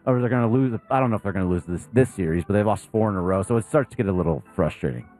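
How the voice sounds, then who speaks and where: A man co-hosting a casual sports talk show, blunt and animated in his opinions. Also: fairly low pitch, rapid-fire, over music. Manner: blunt, animated, mocks players with put-on whiny voices. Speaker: sports radio co-host.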